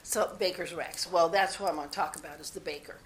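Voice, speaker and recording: A woman's voice: fairly low pitch, fairly even intonation, fast. A woman being interviewed, telling personal stories in a rambling, candid way and often restarting her sentences. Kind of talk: personal storytelling.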